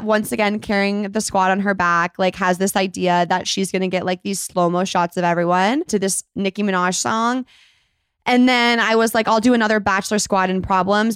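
A woman in her twenties hosting a casual chat, telling stories quickly with lots of fillers. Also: medium pitch, fairly bright tone, smooth, no room sound, clean studio sound. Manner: chatty, fast storytelling with many fillers. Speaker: host.

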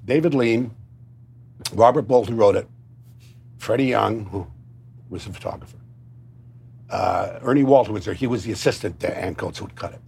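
A man with a Cockney accent telling stories at a roundtable, lively and animated, slipping into impressions. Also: on the low side, moderate pace, gravelly, pauses often, a little hiss or hum. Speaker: guest storyteller. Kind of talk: anecdotal roundtable storytelling.

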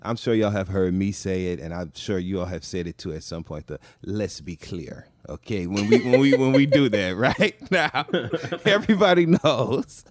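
A man's voice: on the low side, lively intonation, moderate pace, hardly any pauses. A man hosting a podcast with casual chat, laughing often and stretching out quoted catchphrases. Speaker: podcast host.

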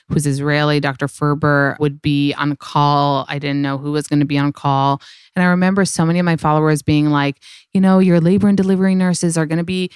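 Young woman host, lowish smooth voice, close dry mic, candid chatty storyteller who swears freely. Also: dry recording. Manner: candid, profane, lots of "like". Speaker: podcast host. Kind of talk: casual storytelling chat.

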